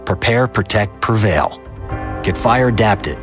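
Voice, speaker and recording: A man reading a public service announcement in a measured, slow delivery. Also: lowish voice, animated. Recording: voice over music bed.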